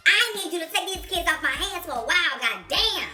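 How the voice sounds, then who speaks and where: A worn-out young woman, as a man puts her on, fed up and cursing in a very high, squeaky voice. The sound is echoey, with music playing clearly behind. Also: lively intonation, brisk, sharp tone, heavily acted. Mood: exasperated. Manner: exasperated, cursing.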